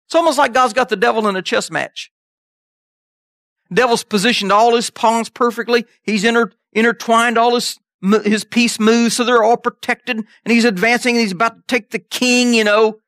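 A preacher gives an animated sermon, reading scripture and jumping up into high voices to make his point. His voice is bright and forceful. The recording is dry and close. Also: moderate pace, no echo. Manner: animated, jumps into high voices, scripture in King James wording.

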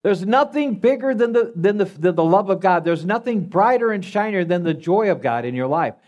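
A male pastor giving a sermon in a folksy, storytelling way. His voice sits a bit higher than most men's. He stumbles and restarts often as he talks. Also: expressive, normal speed, darkish tone, muffled recording.

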